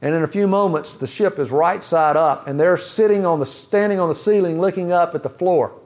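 Preacher, male, fairly high-pitched voice, measured delivery with rhetorical questions. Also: darkish tone. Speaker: pastor. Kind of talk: sermon.

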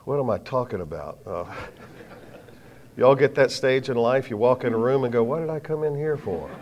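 A middle-aged man preaching a sermon, telling folksy stories with sudden loud bursts and quiet drops. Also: medium pitch, expressive, moderate pace, dull audio.

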